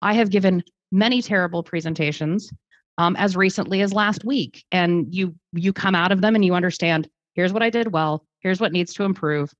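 Articulate woman with a low, dry voice. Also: moderate pace, dry recording. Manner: thoughtful, articulate, with fillers and restarts. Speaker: guest speaker. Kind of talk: conversational podcast interview. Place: lives in Germany. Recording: dull lo-fi sound, dry.

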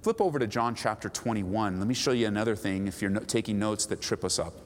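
A man preaching a sermon as a pastor, building to high, emphatic pleas. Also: animated, fast talker. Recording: long hall reverb, faint background noise.

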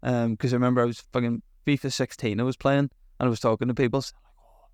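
A man's voice: mid-range voice, flat delivery, quick pace, a little mellow, smooth, no echo, clean studio sound. A young man, telling stories in a rambling way with lots of fillers and swearing as a podcast co-host. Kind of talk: casual chat.

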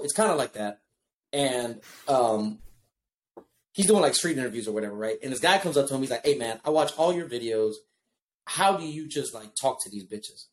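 A young man tells stories quickly in a casual chat. He swears freely, pads his talk with fillers, and keeps the telling animated. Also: medium pitch, echoey room, a little hiss or hum. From Houston, Texas. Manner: profane, animated storytelling with many fillers.

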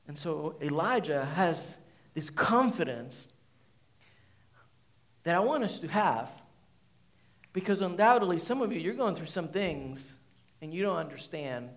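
A man preaching a sermon to a congregation in a conversational, animated way, asking the audience questions and using many fillers. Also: a little high, a little slow, pauses often. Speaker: pastor. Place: church hall before a congregation.

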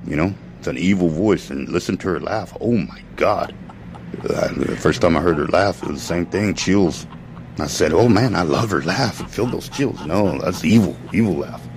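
A man's voice: deep voice, moderate pace, darkish tone, a little hiss or hum, low-quality recording. A man ranting in a profane, rambling monologue to his followers, often stopping to correct himself. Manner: profane, ranting, self-interrupting. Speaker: vlogger.

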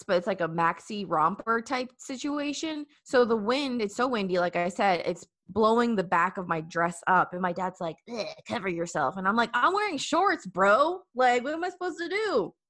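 A young woman in her twenties telling a story in casual chat, animated and full of fillers. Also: mid-range voice, normal speed.

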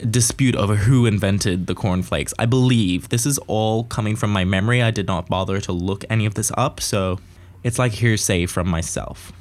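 A young man rambles through a casual solo podcast. His voice sits a little low, and he drifts from point to point with offhand swearing and jokes at his own expense. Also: darkish tone. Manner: rambling, profane, jokey. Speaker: podcast host.

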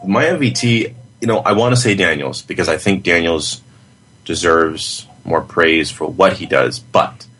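A man co-hosting a podcast, giving measured, earnest opinions about a movie in casual chat. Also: sits low, a bit bright, slightly rough. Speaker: podcast co-host. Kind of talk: casual film review chat.

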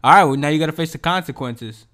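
A man talking alone on his podcast in a loose, cussing ramble. His voice sits a little on the high side. He sinks into low mutters, then flares up into excited, loud outbursts. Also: quick pace. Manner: profane, rambling, swings from mumbling to excited outbursts. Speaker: podcast host. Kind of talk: casual solo podcast rant. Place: home.

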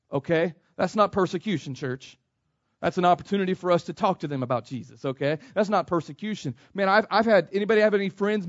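A man's voice: sits high, no echo, muffled recording. A man from the United States preaching a sermon, repeating himself and calling the congregation "church". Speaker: pastor.

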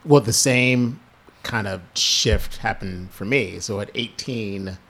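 Man, low voice, gravelly fry, measured reflective chat. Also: fairly bright tone. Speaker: conversation partner. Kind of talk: casual conversation.

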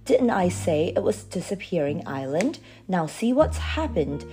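Storybook: woman reading a bossy little pixie who scolds, mellow tone, rising and falling pitch. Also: very animated, measured pace, faint music behind. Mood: angry. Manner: scolding, insistent.

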